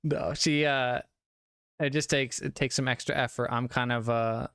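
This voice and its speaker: During a casual live stream, a young man who has been drinking a bit reviews a film, laughing often, swearing, and wandering off topic. He speaks at a moderate pace in a medium-pitched, steady, somewhat bright, clear and resonant voice, recorded dry with clean studio sound.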